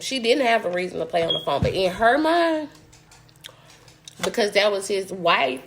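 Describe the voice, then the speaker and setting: A young woman tells a story for her vlog in a loose, casual way between bites of food. She is blunt and curses freely. Her voice sits at an everyday middle pitch, and a faint hiss runs underneath. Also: normal speed, vocal fry, long pauses. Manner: blunt, profane, animated storytelling. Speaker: vlogger. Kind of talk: casual storytime while eating.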